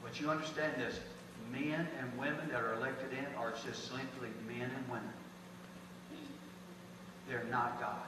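A man, preaching a folksy sermon as pastor with emphatic bursts. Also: on the high side. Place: church sanctuary. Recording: echoey hall from far off, noisy.

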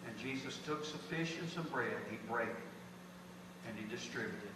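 A man's voice: mid-range voice, moderate pace. A man, preaching a folksy sermon as pastor with emphatic bursts. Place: church sanctuary. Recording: echoey hall from far off, noisy.

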